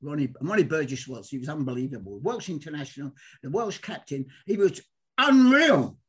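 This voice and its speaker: Older guy, husky, voice swings all over, rambling excited stories. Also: on the high side, a little fast. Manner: excitable, rambling, acts out quoted dialogue. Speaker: guest. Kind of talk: animated storytelling.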